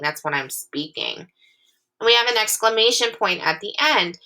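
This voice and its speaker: Bright, patient woman teaching phonics. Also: on the low side, expressive. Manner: clear, patient, encouraging, with sample sentences read slowly and expressively. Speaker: elementary school teacher. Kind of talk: recorded phonics lesson for young children.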